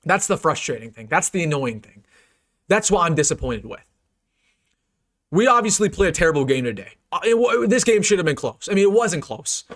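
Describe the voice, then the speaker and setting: A man's voice: fairly high pitch, sing-song, a little fast, fairly bright tone. A young man hosting a live-streamed sports reaction, ranting in an emphatic, repetitive, frustrated way. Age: young adult. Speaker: sports fan channel host.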